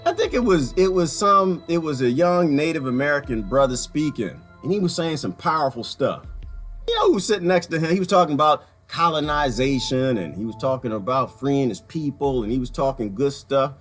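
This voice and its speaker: A man talking casually to his viewers about politics, animated, often breaking into laughter and repeating his phrases. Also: a little high, brisk, faint music behind. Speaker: vlogger.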